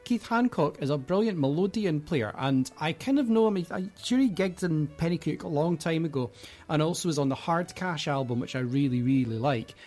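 A man's voice: on the high side, expressive, brisk, darkish tone. A man hosting a radio music show, chatting casually and enthusiastically with rambling asides. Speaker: radio host.

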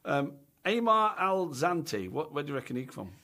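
A Scottish man hosting a radio show with an animated, swooping delivery. His voice is bright and forceful, and he keeps the chat rolling with constant "okay"s and "right?"s. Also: fairly high pitch, normal speed. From Scotland. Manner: chatty, peppers speech with "okay" and "right?". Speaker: radio show host and drummer.

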